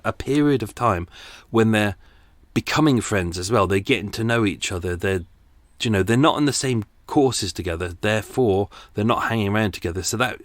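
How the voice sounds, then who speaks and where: A man's voice: lowish voice, dry recording. A middle-aged British man hosting a podcast, chatting casually in a wry, skeptical way with plenty of ums. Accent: British English. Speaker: podcast host. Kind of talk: casual unscripted commentary.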